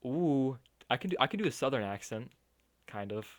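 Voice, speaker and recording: A man's voice: medium pitch, sing-song, quick pace, fairly bright tone. A man streaming a story game, reading it aloud and reacting in a casual, sarcastic way, swearing freely.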